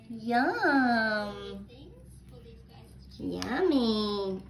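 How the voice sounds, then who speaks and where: A woman's voice: high voice, animated, takes it slowly, pauses often. A woman cooing affectionate, sing-song baby talk to her pet parrot in a casual home vlog. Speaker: parrot owner. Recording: roomy echo, faint music.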